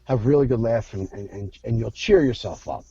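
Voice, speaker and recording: A man voicing a calm male doctor who gives measured, reassuring advice. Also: mid-range voice, breathy edge, no echo, muffled recording, voice pushed down. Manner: measured, advising.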